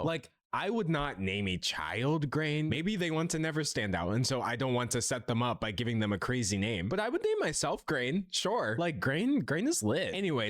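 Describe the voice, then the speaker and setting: Wry American man, lively pitch. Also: dry recording. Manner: wry, dry humor, self-interrupting asides. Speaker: commentator reading online posts. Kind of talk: video commentary.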